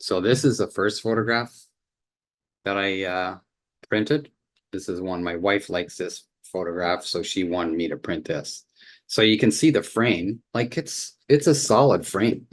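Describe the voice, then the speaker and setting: A man's voice: sits low, measured pace. A man casually showing off his home photo prints, rambling and restarting his sentences, plainly impressed. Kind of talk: casual home video walkthrough.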